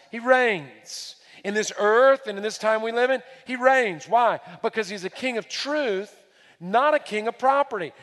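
High-voiced man preaching in an echoing hall. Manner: emphatic preaching, repeats key phrases, swings from hushed to loud. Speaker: pastor. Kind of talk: sermon.

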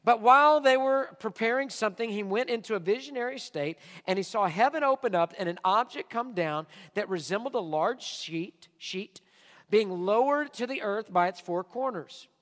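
A high-voiced male pastor preaches in a church hall where a long reverb trails after his words. Expressive and at a normal pace, he pushes his points emphatically, sinking low and quiet before rising to loud, nearly shouted lines.

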